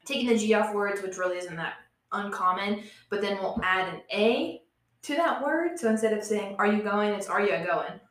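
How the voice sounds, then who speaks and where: A young woman, chatting casually as a podcast co-host and telling animated stories with frequent laughs. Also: medium pitch, moderate pace, roomy sound. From West Virginia. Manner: laughs often, animated storytelling. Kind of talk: casual chat.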